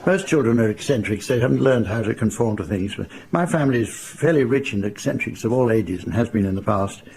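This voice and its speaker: Older English raconteur, gravelly, mid-pitched, dry understated delivery. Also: male voice, animated, crowd noise. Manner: dry, unhurried, wry understatement. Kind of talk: anecdotal storytelling to a live audience.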